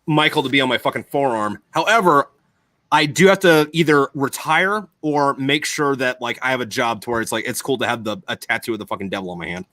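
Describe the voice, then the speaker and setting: A man's voice: mid-range voice, fairly quick, pushed and bright, dry recording. A man in casual podcast chat who tells stories in a rambling, profane way.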